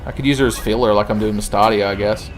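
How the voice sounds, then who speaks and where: A man's voice: fairly low pitch, fairly even intonation, quick pace. Profane joking man over game music. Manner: profane, jokey, does silly voices. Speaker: gaming channel host. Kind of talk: let's play commentary.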